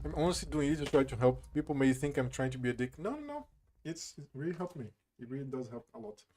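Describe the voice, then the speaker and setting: A man's voice: medium pitch, fast talker, a little mellow. A young man whose first language is Portuguese, chatting casually and self-deprecatingly on a live stream in English.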